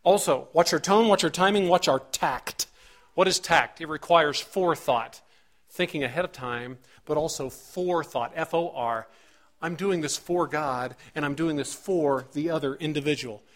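A man's voice: fairly high pitch, moderate pace. A middle-aged male pastor preaching a sermon in an earnest manner, acting out short examples and building emphasis as he goes.

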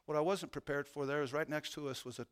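A middle-aged man, a police chaplain, preaching an emotional testimony that swells to loud, fervent peaks. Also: a little high, steady tone, fast talker, clear, resonant tone. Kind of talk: sermon testimony.

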